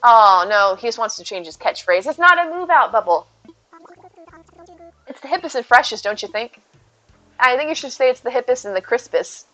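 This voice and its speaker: A woman's voice: a little high, expressive, moderate pace, long pauses, pushed and bright. A woman streaming a game, chatting casually, thinking aloud and answering chat as she plays. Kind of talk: casual live-stream chat while gaming. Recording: slightly muffled with faint game music.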